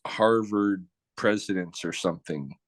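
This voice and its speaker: A middle-aged man from the Blackfoot Nation, talking as an interview guest in a blunt, profane, relaxed storytelling way. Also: low-pitched, measured pace, no echo. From Blackfoot Nation, North America. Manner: relaxed, conversational, with short restarts.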